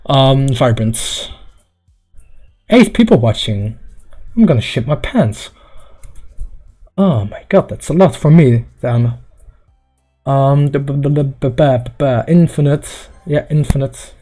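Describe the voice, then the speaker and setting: Young male streamer, rambling joking delivery, animated pitch, faint music underneath. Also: takes it slowly, long pauses. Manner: rambling, joking, stammering, mock-Russian asides. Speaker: livestreamer playing a visual novel. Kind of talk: casual gameplay commentary, reading game text aloud.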